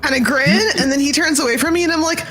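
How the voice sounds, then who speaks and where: A woman's voice: high-pitched, quick pace, fairly bright tone. Bubbly woman playing a tabletop game. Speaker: player. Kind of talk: casual tabletop role-play.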